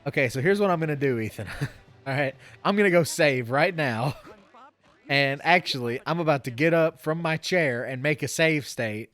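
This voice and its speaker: A young man co-hosting a casual gaming podcast, reacting with animated swearing and laughter. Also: on the high side, normal speed, faint music behind. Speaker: podcast co-host.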